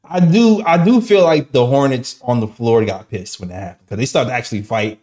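A man's voice: mid-range voice, a little fast, crowd noise. A man co-hosting a postgame show, talking in a hyped, slangy, joking way. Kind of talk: casual sports chat.

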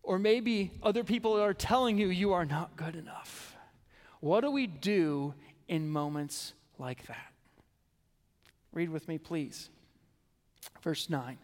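High-voiced pastor preaching in a reverberant hall. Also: male voice, lively intonation, slow pace, pauses often. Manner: earnest, stumbling restarts, drops to a hush on emotional words. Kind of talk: sermon.

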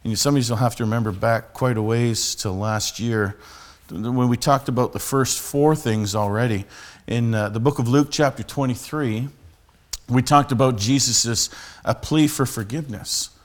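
A man's voice: mid-range voice, normal speed. A man, a street preacher telling a story and teaching in a conversational sermon style with many restarts.

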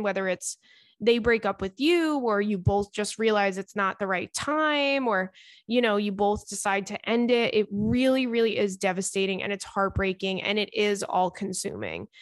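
A woman's voice: medium pitch, normal speed, no echo. A woman hosting an advice podcast, reading a listener's letter aloud and then answering it in a chatty, earnest way with many fillers. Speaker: podcast host giving advice.

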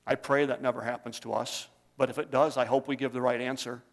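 A man's voice: mid-range voice, level tone, brisk. Preaching man in a reverberant hall. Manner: conversational preaching with storytelling. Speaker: pastor. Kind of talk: sermon.

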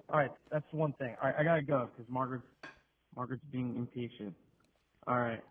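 A man's voice: medium pitch, a little fast, a little hiss or hum. A man leaving a rambling, profane voicemail full of fillers. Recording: tinny phone voicemail.

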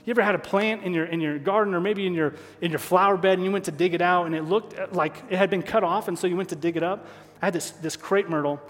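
A pastor preaching a sermon, emotional at times, repeating key phrases for emphasis. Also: male voice, sits high, fast talker, few pauses. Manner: emotional, stops to apologize and regroup. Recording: long hall reverb.

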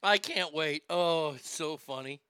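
A man's voice: fairly high pitch, unhurried, pushed and bright, smooth, dry recording, studio quality. A man hosting a comedic talk show, laughing often and stammering as he jokes crudely. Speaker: radio show host.

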